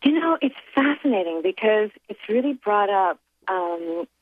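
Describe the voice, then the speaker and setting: A woman's voice: medium pitch, very animated, moderate pace, gravelly. A woman guest in a casual interview, thinking aloud and reflective, full of fillers and restarts. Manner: reflective, chatty, many fillers and restarts, laughs often. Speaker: guest, accent performer. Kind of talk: casual interview on a phone line. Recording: tinny phone line, dry.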